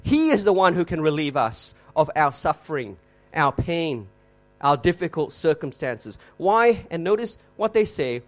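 Male preacher, fairly high voice, lively swooping delivery, emphatic and repetitive for effect. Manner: emphatic, slows and repeats for effect, rhetorical questions. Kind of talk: expository sermon.

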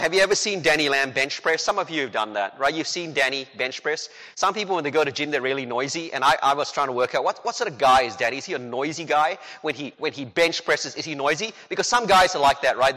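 A man preaching a sermon as a pastor, animated and full of rhetorical questions, acting out the quotes he tells. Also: fairly high pitch. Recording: long hall reverb.

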